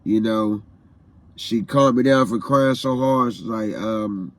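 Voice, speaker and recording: A man's voice: fairly low pitch, takes it slowly, no room sound. A man vlogging a personal story, retelling a painful day in an emotional, repetitive way. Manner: repetitive, heartfelt retelling with phrases said again and again; emotional, grieving.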